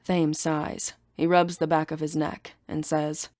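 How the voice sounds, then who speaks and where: A woman narrates a first-person fantasy audiobook with a brisk, sarcastic edge. Her voice sits low for a woman. The recording is dry and close, with no room around it. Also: level tone, darkish tone, no echo.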